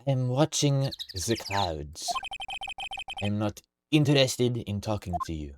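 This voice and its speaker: A detached, cold female director, as a man reads her for a game stream, drawing out her words slowly and dismissively. The voice sits a little low, with a constant hiss of noise underneath. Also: sing-song. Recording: noisy home stream mic.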